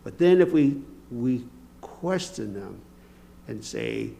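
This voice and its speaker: Folksy older man with a gravelly voice. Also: mid-range voice, huge pitch swings, slow pace, dark tone. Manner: folksy, anecdotal, acts out dialogue. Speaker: lay speaker at a church service. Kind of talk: conversational sermon with storytelling.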